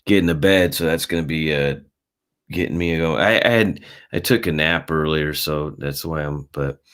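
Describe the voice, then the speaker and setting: Deep-voiced rambling man. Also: moderate pace, fairly bright tone, clear, resonant tone. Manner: rambling, swears a lot, many fillers. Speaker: podcast co-host. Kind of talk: casual chat.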